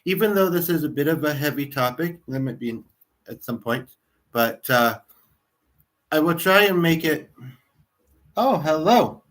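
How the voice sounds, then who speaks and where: A man's voice: a little high, animated, measured pace, pauses often, fairly bright tone. A man in his thirties from Canada hosts a casual livestream. He rambles as he talks and keeps turning to speak with his few viewers. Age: 30s. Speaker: livestream host.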